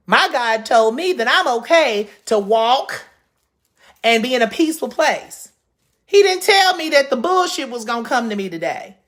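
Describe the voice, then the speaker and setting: A vlogger stands outside in a suburban neighborhood delivering a funny, foul-mouthed storytime rant. She's brash, lurching from loud outbursts down to low mutters.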